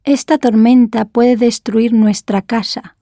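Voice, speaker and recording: A woman's voice: fairly high pitch, fairly even intonation, moderate pace, warm tone, no echo, studio quality. A woman speaking short model answer sentences in a recorded language course.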